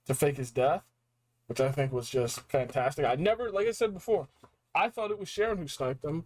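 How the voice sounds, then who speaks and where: A young man with a fairly high voice recaps a video game story. He is excited and casual, with lots of slang and acted-out reactions. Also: low-quality recording. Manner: animated, slangy, acts out reactions. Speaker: game reviewer.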